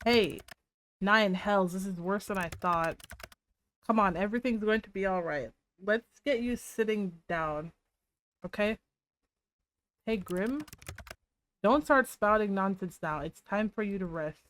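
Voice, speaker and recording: A woman voicing a caring young male grim reaper, reading his game dialogue aloud with gentle, tender reassurance. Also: mid-range voice, unhurried, long pauses, natural voice. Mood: worried.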